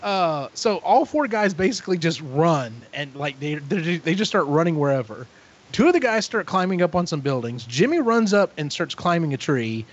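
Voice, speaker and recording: Give me an animated, high-pitched man retelling a book. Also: normal speed. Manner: animated retelling, acts out characters, swears freely. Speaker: podcast co-host. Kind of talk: casual book recap chat. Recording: dull lo-fi audio.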